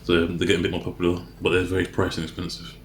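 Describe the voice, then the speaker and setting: Rapid-fire and monotone, a low-voiced man talks to the camera while he eats, rambling casually and frequently correcting himself mid-sentence. The room is echoey, with a little hiss or hum.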